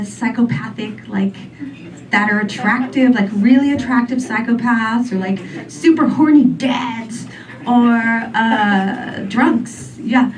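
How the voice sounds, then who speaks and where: A woman in her forties doing a stand-up comedy set, rambling and deadpan, full of "um" and "like". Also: on the high side. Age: 40s. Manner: rambling, filler-heavy, deadpan. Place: comedy club stage. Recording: distant mic with faint room noise.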